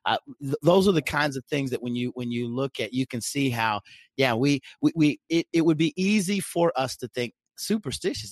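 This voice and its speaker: A man's voice: mid-range voice, expressive, moderate pace, dry recording. Hesitant man, dry close mic. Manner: hesitant, repeats words while thinking. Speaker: podcast co-host. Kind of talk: Christian podcast discussion.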